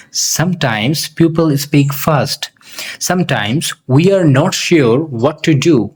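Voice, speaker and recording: A man teaching English, telling a simple story in slow, deliberate narration with carefully spaced phrasing for learners. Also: a little high, animated, slightly rough.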